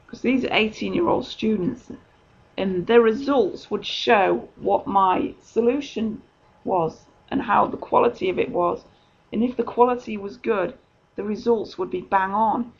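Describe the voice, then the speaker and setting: Gravelly middle-aged woman chatting thru her faith story, dull lo-fi sound. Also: mid-range voice. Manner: chatty storytelling, many ums. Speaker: podcaster. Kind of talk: personal faith testimony. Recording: dull lo-fi recording.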